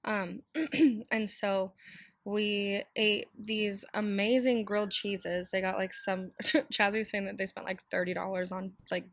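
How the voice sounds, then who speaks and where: A woman in her thirties, hoarse and raspy from a cold, hosting a casual solo podcast in a chatty, candid way with many fillers. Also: medium pitch, flat delivery, measured pace, no room sound. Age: 30s. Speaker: podcast host.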